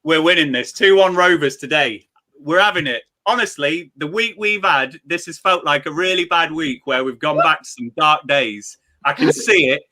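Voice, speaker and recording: Upbeat bright-voiced Lancashire host. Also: male voice, on the high side, moderate pace. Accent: Lancashire English. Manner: upbeat, chatty, laughs often. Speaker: watchalong host. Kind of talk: casual football chat.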